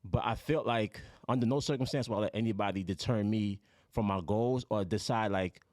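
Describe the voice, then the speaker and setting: A man's voice: lowish voice, fairly quick, darkish tone, no echo, studio quality. A man from Jamaica, a guest musician in casual podcast chat, laid-back and full of "you know".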